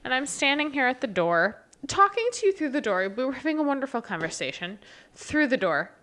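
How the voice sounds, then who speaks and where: Animated woman spinning a story. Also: high-pitched, fairly quick. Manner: animated, acts out quoted dialogue. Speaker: podcast co-host. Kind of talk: casual storytelling chat.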